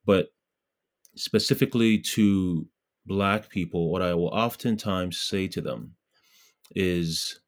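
A man's voice: low voice, takes it slowly. A man from Ghana, a guest in an interview, talking earnestly with lots of fillers and restarts. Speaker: guest, pro-life blogger. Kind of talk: casual interview talk.

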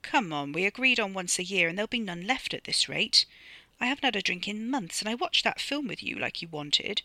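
A blunt, sardonic middle-aged man grumbles and swears through his lines, as a woman reads him. The tone is bright and forward, the recording dry and close. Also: mid-range voice, animated, a little fast, no room sound. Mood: grumbling.

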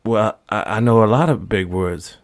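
A jittery young orphan hustler with a stammering country drawl, voiced by a man. He trips over his words whenever he's caught, in a tabletop game session. The voice sits a little low, with a dry sound. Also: normal speed, dry recording, natural voice. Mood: playing dumb. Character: young male orphan hustler, nervous and folksy.

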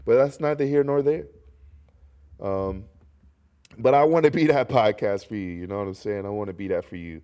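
He speaks at normal speed in a lowish, clear, resonant voice, pausing often. A young man from North Carolina, he's congested as he delivers a rambling, animated solo podcast monologue full of jokes on the side.

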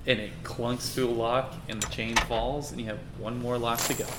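A man's voice: mid-range voice, level tone, moderate pace, background noise. Casual male game master narrating. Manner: casual, loose, puts on crowd voices.

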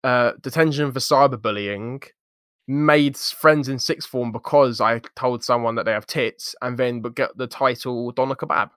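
A young man co-hosting a podcast, telling a story in a lively, jokey, slangy way. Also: medium pitch, moderate pace, clear, resonant tone, dry recording, studio quality. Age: young adult. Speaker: podcast co-host. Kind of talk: casual storytelling chat.

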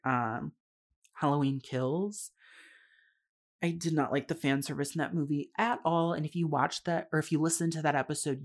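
A young adult hosting a casual solo podcast about a film, talking in a chatty, candid way. The speech is full of fillers and quick asides, with free swearing and frequent bursts of laughter. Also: medium pitch. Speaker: podcast host.

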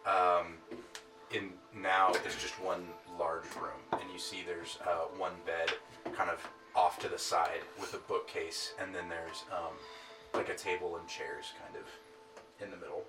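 A man's voice: deep voice, little pitch movement, unhurried. A man narrating as game master of a tabletop game, hesitant, with lots of filler words. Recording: echoey, distant mic with music.

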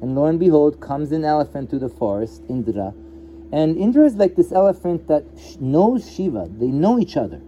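A man's voice: fairly high pitch, big pitch swings, moderate pace, mellow, highs cut off, a little hiss or hum. A man teaching yoga at a live gathering, telling a story in a casual way and acting out the characters' lines. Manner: casual storytelling with voiced asides. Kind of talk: live satsang talk.

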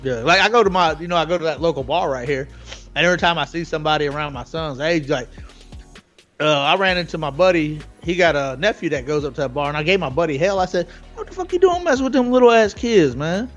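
A man's voice: fairly high pitch, fast talker, a bit bright, highs cut off, faint music behind. Swearing, laughing middle-aged man. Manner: profane, laughing storyteller. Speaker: podcast co-host. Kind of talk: casual chat.

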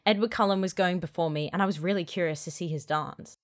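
A woman's voice: lowish voice, fairly even intonation, quick pace. A young woman and podcast co-host reading a fan fiction aloud in the first person, dramatic, with amused asides in the chat. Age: young adult.

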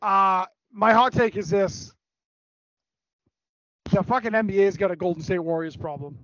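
High-voiced New England man, blunt. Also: steady tone, normal speed, a bit bright, dry recording. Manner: blunt, profane hot takes. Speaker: podcast co-host. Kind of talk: casual sports chat. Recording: dry, dull lo-fi audio.

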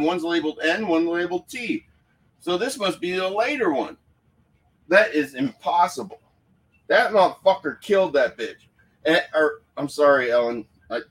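A man's voice: on the high side, a bit bright, distant mic, low-quality recording. A man hosting a casual live stream from a room at home, fired up and profane, talking into his phone. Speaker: paranormal livestream host.

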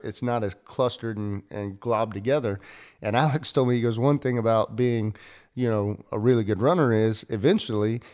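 A man's voice: mid-range voice, darkish tone. Male podcast host, folksy, self-deprecating storyteller, mid-range voice. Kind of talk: casual storytelling.

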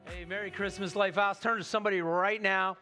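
High-voiced energetic male pastor. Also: quick pace, faint music behind. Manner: energetic, calls on the congregation to respond. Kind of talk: Christmas Eve sermon. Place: church sanctuary.

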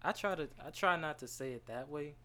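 A young man as a podcast guest in casual chat, talking loosely and fast with stammered repeats. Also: a little high, pushed and bright.

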